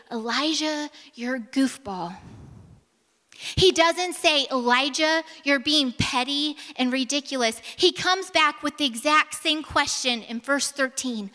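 A woman preaching a sermon and telling a story, acting out the dialogue and dropping to a hush for emphasis. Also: sits high, in a large hall.

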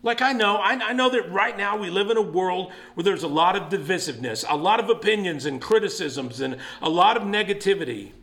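Male pastor, fairly high voice, earnest sermon, building to emphatic calls. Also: expressive, fairly quick, hardly any pauses, a bit bright. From East Texas. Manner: earnest, rising to emphatic exhortation.

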